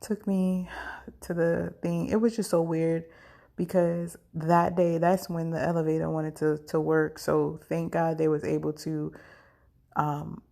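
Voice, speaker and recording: A woman's voice: low-pitched, level tone, slow pace, creaky, mellow. A woman telling her own story in a chatty, scattered way, acting out what others said, while she is in pain. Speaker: podcast host. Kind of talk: casual storytelling.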